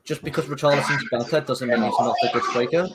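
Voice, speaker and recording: A man's voice: mid-range voice, fast talker. Scouse guy on a noisy line, sure of his football takes. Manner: confident, opinionated, swears casually. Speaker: caller, football fan. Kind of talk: casual football debate. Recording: noisy voice call.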